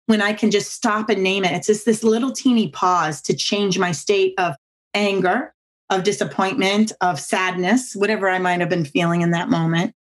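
Animated woman telling stories with acted-out voices. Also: normal speed. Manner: acts out quotes with big pitch jumps; emphatic, repeats catchphrases. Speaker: guest speaker on body language. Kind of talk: animated storytelling on a podcast.

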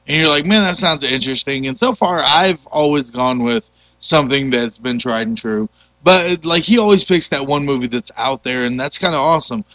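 A man hosting a casual movie podcast, retelling a film plot in an animated, loose way with the odd curse. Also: mid-range voice, brisk, no echo, rough recording. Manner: animated storyteller, loose and profane. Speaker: podcast host.

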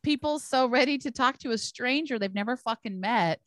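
A woman in her thirties from the San Francisco Bay Area, hosting a podcast and telling stories loudly, with a lot of swearing and laughter, and acting out the voices of the people she quotes. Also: a little high, moderate pace, no room sound, studio quality. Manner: loud, profane, laughs often, acts out quoted voices. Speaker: podcast host. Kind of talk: casual storytelling chat.

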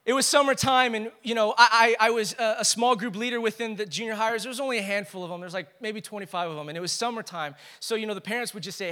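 A young man delivers a sermon as pastor, his voice high and bright. He alternates between loud, rising exhortation and quiet, hushed storytelling. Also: quick pace, hardly any pauses, clear, resonant tone.

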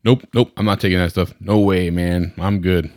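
A stubborn older patient with a put-on Southern drawl who waves away any talk of medication, as a man acts him out. The voice sits very low and gruff. It is recorded bone dry, with no room sound. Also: steady tone, moderate pace, a little mellow, dry recording, natural voice. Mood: stubborn, dismissive. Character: stubborn older male patient refusing meds.

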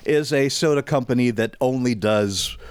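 A man's voice: medium pitch, moderate pace, smooth, no room sound. A man hosting a casual podcast chat, joking and laughing often as he goes. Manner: jokey, laughs often between lines. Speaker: podcast host.

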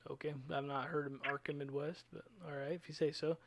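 A man's voice: on the high side, brisk. A man co-hosting a podcast, chatting casually about racing and laughing often. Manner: laughs often, joking and animated. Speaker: podcast co-host. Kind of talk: casual chat.

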